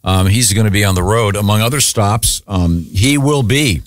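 A man hosting a radio show, introducing the guest and reading out event listings in a lively way. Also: fairly low pitch, normal speed, no echo, studio quality. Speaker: radio host.

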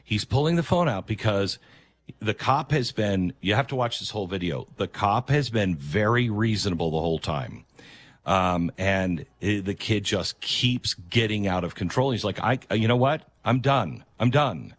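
Emphatic male talk host, lively pitch. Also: moderate pace. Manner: emphatic, repeats key phrases. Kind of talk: opinion commentary monologue.

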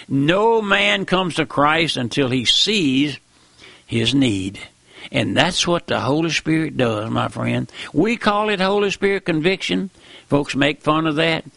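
A man's voice: on the high side, animated, measured pace, vocal fry, fairly bright tone, dry recording. A middle-aged man preaching a sermon in a folksy, earnest way, often repeating phrases.

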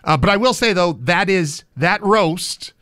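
A man's voice: sits high, expressive, moderate pace, bright, forceful tone, smooth, no echo. A man hosting a sports radio show, joking and rambling in casual studio chat.

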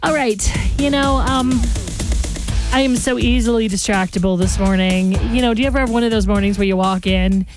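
A woman's voice: fairly high pitch, brisk, music in the background. A woman hosting a morning radio show, chatting casually and rambling straight to her listeners. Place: radio studio. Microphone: studio microphone.

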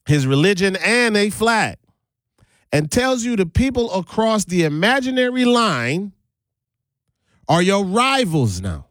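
A man's voice: high-pitched, very animated, unhurried, a bit bright, no echo, clean studio sound. A man from the US Virgin Islands with a Virgin Islands Creole accent, hosting an earnest radio monologue. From United States Virgin Islands. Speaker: radio host.

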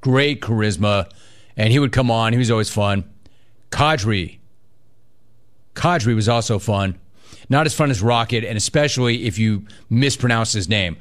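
Here the sports radio host speaks at a normal pace in a fairly low voice. He's lively and teasing, working through listener emails and ribbing his co-hosts with plenty of repeated lines.

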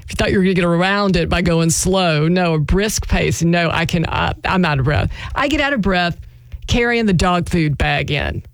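A woman's voice: fairly low pitch, animated, normal speed, no room sound. Chatty self-mocking woman radio host. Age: adult, married. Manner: chatty, self-mocking, laughs mid-sentence. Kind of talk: casual radio chat.

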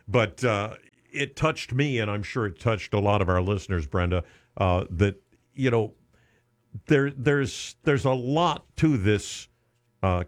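Male radio host, lowish voice, earnest, stumbles and repeats words, studio mic. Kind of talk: charity radiothon talk.

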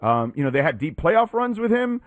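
A man's voice: on the high side, big pitch swings, brisk, dry recording, clean studio sound. A man co-hosting a casual sports talk show, arguing his point emphatically. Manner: emphatic, argumentative, rising when pressed. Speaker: sports podcast co-host. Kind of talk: casual debate.

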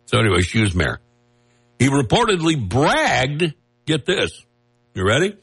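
A man's voice: mid-range voice, wildly swooping pitch, measured pace, a bit bright, slightly rough. A man hosting a casual political commentary monologue, mocking and wisecracking, rambling with asides and laughing at his own jokes. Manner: loose, rambling, with restarts and asides.

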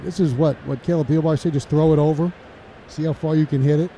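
A man calling a baseball game play-by-play, chatty and laughing between pitches. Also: fast talker, a little hiss or hum. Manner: chatty, laughs between calls, gets loud and excited on big plays. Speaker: play-by-play announcer.

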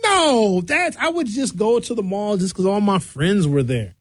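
A man's voice: sing-song, normal speed, husky, no room sound. Male radio host with a raised voice, loose comic storyteller, dry close mic. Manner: loose, joking storyteller with big pitch swings. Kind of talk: comedic radio monologue.

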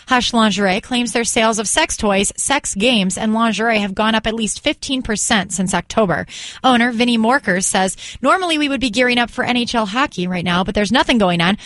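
Quick, dry-voiced female radio co-host. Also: a little high, fairly bright tone, no echo. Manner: dry, teasing. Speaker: morning radio co-host reading news. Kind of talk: read news item, then banter.

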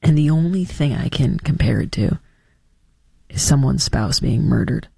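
A woman's voice: rumbling low, animated, moderate pace, gravelly, warm tone, breathy edge, no room sound. A woman hosting a radio talk show, chatting on air with sarcastic, mock-dramatic asides. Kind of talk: casual on-air chat.

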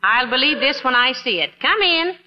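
A woman's voice: high-pitched, animated, moderate pace. A woman playing a patient, dry-humored wife in 1940s radio comedy. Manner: patient, dry, calling her husband dearie. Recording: dull, hissy old radio broadcast.

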